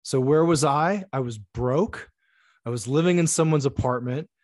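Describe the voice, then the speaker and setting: Middle-aged man, interview guest, casual storytelling, animated, profane, acts out quotes, dry close sound. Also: mid-range voice, moderate pace, no room sound.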